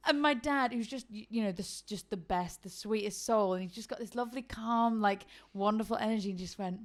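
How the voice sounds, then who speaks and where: A young adult woman from the Isle of Man, a guest in a casual chat, telling lively stories and mimicking the people in them. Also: mid-range voice, fairly quick, hardly any pauses. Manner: lively storyteller, mimics family and crew in quotes.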